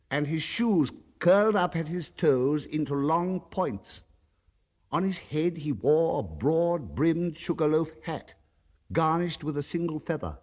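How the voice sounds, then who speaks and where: A man narrating a dark holiday story in a measured, dramatic way. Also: a little high. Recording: reverb with music behind.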